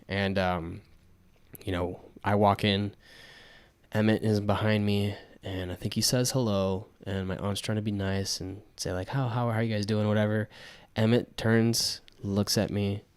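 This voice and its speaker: Young male podcast co-host, low and smooth, tells stories by acting out quotes, dry close sound. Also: no room sound. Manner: retells events with acted quotes, frequent restarts. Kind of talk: casual storytelling chat.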